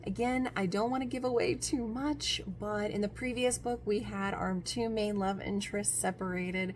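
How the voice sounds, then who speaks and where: A woman talking casually about books in her vlog, gushing and excitable, breaking into squeals and laughter. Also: mid-range voice, normal speed, slight background noise. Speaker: book vlogger. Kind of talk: casual book review vlog.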